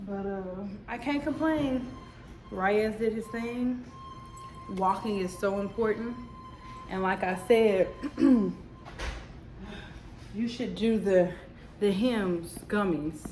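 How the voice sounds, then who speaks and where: Chatty woman vlogging. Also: medium pitch. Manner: chatty, animated, talks straight to viewers. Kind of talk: casual storytelling vlog. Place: home, indoors.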